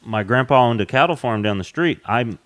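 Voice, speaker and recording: A man with a Southern American accent, a comedian guest talking frankly and thoughtfully in a relaxed chat, with some swearing. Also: mid-range voice, a little fast, no echo, clean studio sound. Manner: frank, reflective, profane. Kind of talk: casual chat.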